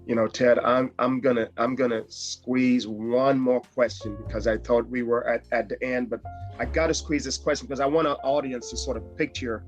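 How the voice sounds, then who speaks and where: A man's voice: mid-range voice, fairly even intonation, dull audio, faint music behind. A man hosting an interview, stumbling and repeating words as he frames his questions. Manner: halting, repeats words while framing questions. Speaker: podcast host, interviewer.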